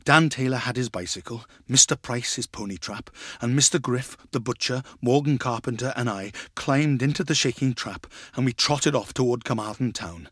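A man gives an expressive dramatic reading of a story, acting out the voices. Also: mid-range voice, moderate pace, few pauses, breathy edge, dry recording, studio quality. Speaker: reader.

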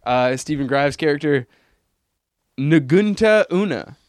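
Jokey man, slightly high, dry sound. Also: expressive, a little slow, no room sound. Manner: jokey, riffing with wordplay. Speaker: podcast co-host. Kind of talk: casual chat.

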